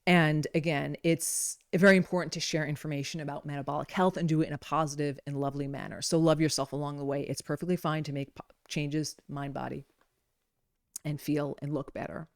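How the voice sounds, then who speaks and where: A woman's voice: sits low, fairly even intonation, a little fast, vocal fry, no room sound, clean studio sound. A woman giving a casual wellness talk, chatty and playful, wandering into stories and asides, on a modest home microphone. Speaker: wellness presenter. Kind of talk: casual teaching talk with storytelling.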